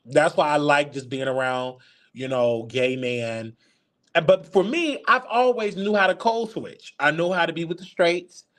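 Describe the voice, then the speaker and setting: Here a thirties-aged male show host answers live questions, candidly telling personal stories. He speaks at a measured pace, pitch fairly high and tone fairly bright.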